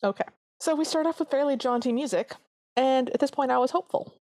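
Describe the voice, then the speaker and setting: A woman's voice: sits high, fast, darkish tone, dry recording, clean studio sound. A woman co-hosting a podcast, chatting earnestly as she reviews an old cartoon. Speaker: podcast co-host. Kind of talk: casual chat reviewing a cartoon.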